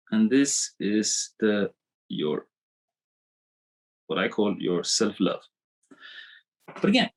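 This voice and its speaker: A man coaching a live online webinar, animated and repetitive as he draws on screen, talking into a computer mic. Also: fairly high pitch, poor audio. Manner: animated, repeats himself, drawing on screen.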